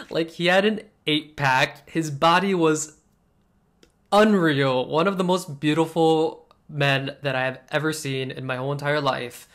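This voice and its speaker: A young man telling a personal story to camera in a casual, expressive vlog style, full of "like" fillers. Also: a little high, unhurried. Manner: chatty and expressive, many "like" fillers, laughs while telling. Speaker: vlogger.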